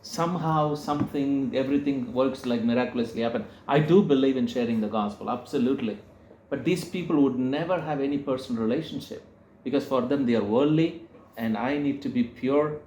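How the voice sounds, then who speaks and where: A man's voice: mid-range voice, fairly quick, a little mellow, roomy sound, slight background noise. A man giving a teaching talk to a group, telling a story full of quoted dialogue and often stopping to correct himself. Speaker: speaker. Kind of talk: sermon-style teaching talk.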